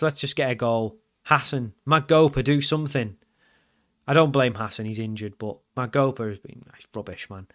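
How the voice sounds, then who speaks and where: A man giving live commentary over his own football management game, frustrated and grumbling, then suddenly loud. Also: medium pitch. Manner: excitable, swings from frustrated grumbling to loud outbursts. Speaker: gaming commentator.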